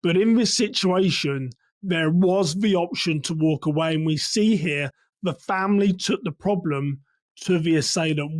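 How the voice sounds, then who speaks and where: Male security trainer from England, high-ish voice, dry close sound, measured teaching delivery. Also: no echo. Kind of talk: commentary on a case.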